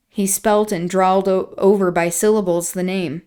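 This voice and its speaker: A woman reading a classic novel aloud on a stream, breaking off for quieter, reflective asides. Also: mid-range voice, steady tone, moderate pace, clean tone.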